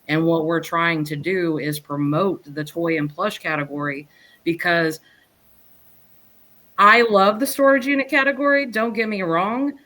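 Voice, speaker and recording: A woman guest on a podcast, chatting casually in a rambling, lively way and often restarting her sentences. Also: lowish voice, a little slow. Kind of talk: casual chat.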